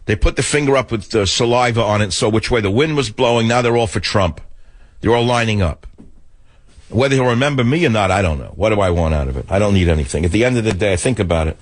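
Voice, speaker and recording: A man's voice: on the low side, fast, no echo. Older New man, combative radio host. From the Bronx, New York. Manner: rambling, combative, sarcastic. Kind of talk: talk radio monologue.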